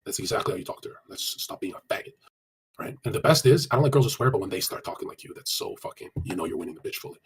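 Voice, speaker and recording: An expressive man on the low side, heard with a slight hiss or hum. While answering chat during a live stream, he offers casual dating advice that's blunt, crude and full of swearing. He talks fast and run-on, using lots of fillers.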